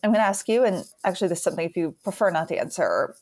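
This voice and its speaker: A woman hosting a podcast who asks careful, gentle questions and adds short narrated notes in a measured way. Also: on the low side, expressive. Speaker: podcast host. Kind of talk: interview questions and recorded narration.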